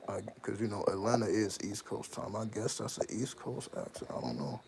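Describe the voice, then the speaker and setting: Man, gravelly low voice, rambling casual monologue, slangy, restarts often, clear background noise. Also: brisk. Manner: rambling, self-interrupting, heavy slang. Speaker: channel host. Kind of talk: casual personal monologue to viewers. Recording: steady audible background noise.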